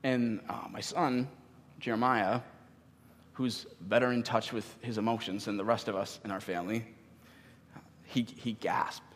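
A man in his thirties, a pastor giving a sermon in an earnest, halting way with many pauses. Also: medium pitch, steady tone, in a large hall, slight background noise.

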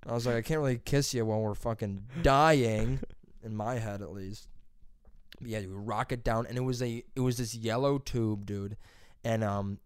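Young man, casual podcast chat, profane, animated, dry close sound. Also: normal speed, smooth, no echo. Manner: profane, animated storytelling with big pitch jumps.

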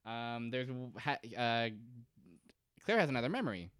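A man's voice: medium pitch, normal speed, smooth, no echo, studio quality. A man co-hosting a casual podcast, talking through a TV episode and slipping into silly voices as he retells scenes. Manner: animated, slips into exaggerated character voices while retelling. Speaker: podcast co-host. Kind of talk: casual chat recapping a TV episode.

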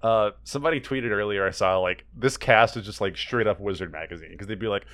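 A man co-hosting a podcast in casual chat, animated and joking, laughing a lot. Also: on the low side, a little fast. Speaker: podcast co-host.

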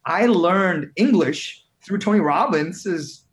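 A man from India, a guest in an interview, telling his story earnestly with frequent halting restarts. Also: sits high, expressive.

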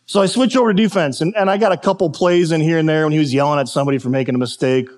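A man's voice: on the high side, rapid-fire, a little mellow. A pastor telling a personal football story in a sermon, and he acts out his coaches when he quotes them.

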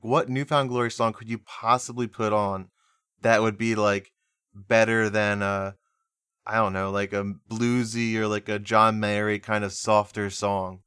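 A man's voice: lowish voice, little pitch movement, unhurried, fairly bright tone, smooth, dry recording, clean studio sound. A man co-hosting a music podcast, chatting casually with a nasal voice, rambling and laughing easily. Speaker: podcast co-host.

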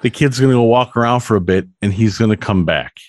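A man's voice: on the low side, fast talker, a little mellow, no room sound, clean studio sound. A man co-hosting a podcast, chatting in a laid-back way and reasoning things through. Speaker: podcast co-host. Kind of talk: casual chat.

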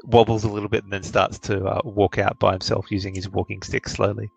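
A man's voice: fairly low pitch, little pitch movement, brisk, gravelly, breathy edge, no echo, dull audio, soft background music. A man narrating as game master of a tabletop game, hesitant, with many ums and uhs.

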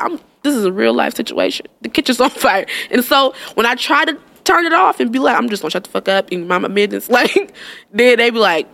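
A woman's voice: fairly high pitch, expressive, fairly quick, vocal fry, fairly bright tone. A woman co-hosting a casual chat, telling stories with a sarcastic, laughing, profane manner. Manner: storytelling, sarcastic, swears and laughs often. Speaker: podcast co-host.

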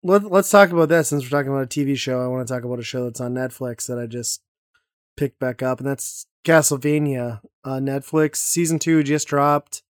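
A man's voice: medium pitch, brisk, dry recording, clean studio sound. A man hosting a casual podcast chat, talking enthusiastically and rambling with lots of fillers. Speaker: podcast host.

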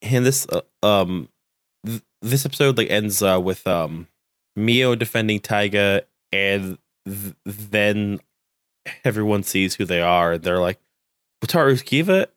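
A man's voice: fairly low pitch, measured pace, dry recording. Young man rambling in a dry room. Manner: rambling, heavy filler words, animated quoting. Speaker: podcast co-host. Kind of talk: casual chat.

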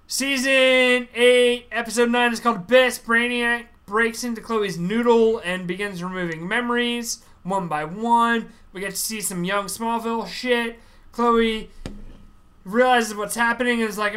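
A man hosting a podcast, recapping a TV series in animated casual chat, acting out quotes as he goes. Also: extremely high pitch, normal speed.

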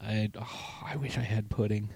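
A man's voice: lowish voice, fairly even intonation, moderate pace, creaky, a little mellow, slightly rough, no echo. A man hosting a casual podcast, teasing his co-host with jokey banter.

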